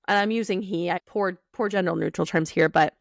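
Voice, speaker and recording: Podcast co-host, woman, low voice, animated, quotes people in character, dry close mic. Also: a little fast, creaky, dry recording. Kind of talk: casual technical chat.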